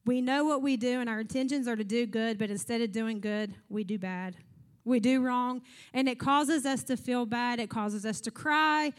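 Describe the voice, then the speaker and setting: A woman preaches, speaking to her congregation in an easy, conversational way. She acts out the Bible scenes in short, lively bursts, and her voice sits a little high. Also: normal speed. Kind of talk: sermon.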